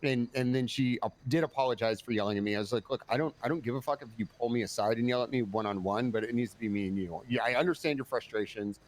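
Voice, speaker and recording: A man's voice: mid-range voice, fast talker, hardly any pauses. Rambling, profane man in game roleplay. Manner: rambling, profane storytelling with many restarts. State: tired. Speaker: police commander in roleplay. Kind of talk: in-character roleplay chat.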